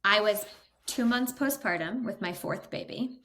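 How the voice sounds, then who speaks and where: A woman in her thirties tells a story to a podcast host in an animated, exasperated way, full of quick asides. Her voice sits at a middle pitch. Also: slight background noise. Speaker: podcast guest, content creator. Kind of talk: casual conversational storytelling.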